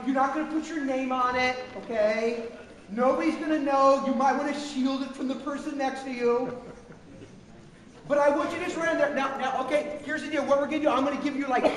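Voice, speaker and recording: A man preaching a humorous, self-mocking sermon as pastor on a church stage. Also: extremely high pitch. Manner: self-mocking, animated storyteller. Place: large church hall. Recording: echoey church hall, long reverb.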